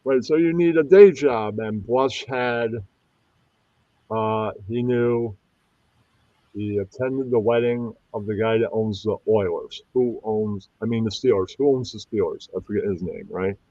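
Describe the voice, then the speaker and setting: A man's voice: on the low side, measured pace, mellow, dry recording, muffled recording. A man hosting a casual live stream, rambling and often losing track of names. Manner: rambling, loses names, puts on mocking voices. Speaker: stream host.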